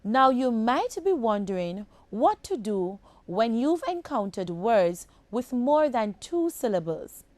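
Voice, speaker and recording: A Jamaican woman teaching a phonics lesson to children at a very unhurried pace. Her fairly high voice rises and falls a lot as she sounds out each word. The recording is close and dry. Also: darkish tone, no echo. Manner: slow, deliberate, addresses children as boys and girls.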